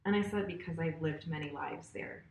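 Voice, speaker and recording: A woman's voice: deep voice, normal speed, vocal fry, a little mellow, dull audio. Chatty woman telling stories, echoey room. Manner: storytelling, chatty with laughs. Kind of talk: casual chat.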